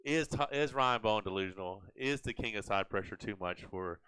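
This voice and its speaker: A man hosting a casual live chat, animated and rambling with frequent restarts. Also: fairly low pitch, fairly quick, clean tone, dry recording, rough recording. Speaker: host.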